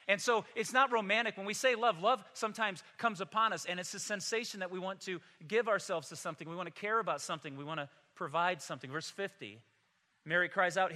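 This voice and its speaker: A man's voice: a little high, pushed and bright, long reverb tail. A man pastor delivering a Christmas Sunday sermon in a church, emphatic and telling humorous stories. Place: church sanctuary.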